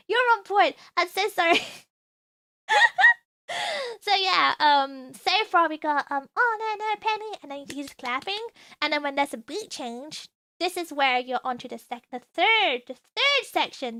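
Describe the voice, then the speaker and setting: A woman's voice: very high-pitched, sharp tone. A young woman streaming a lesson on idol fan chants, bubbly and apologetic, often stammering and restarting her sentences.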